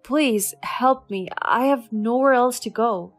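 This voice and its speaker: A woman's voice: fairly high pitch, measured pace, faint music behind, close to an everyday voice. A woman reading the lines of a remorseful, ruined ex-husband who stammers and pleads for forgiveness, in a storytelling voice. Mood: pleading. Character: remorseful ruined middle-aged ex-husband, man.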